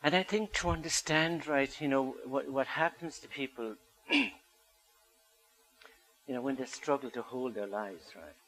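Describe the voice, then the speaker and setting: A man's voice: mid-range voice, unhurried, long pauses, pushed and bright, low-quality recording. An older man giving a storytelling talk to an audience, asking them questions as he goes. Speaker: speaker.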